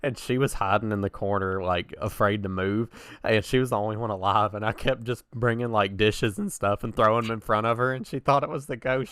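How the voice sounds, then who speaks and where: A young man with a lowish, smooth and resonant voice chats casually on a podcast. He tells stories with easy energy and chuckles at his own jokes. The sound is dry and close, with no room around it. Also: fairly even intonation, a little fast, fairly bright tone, dry recording. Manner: chatty storyteller, laughs at own stories. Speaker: podcast co-host.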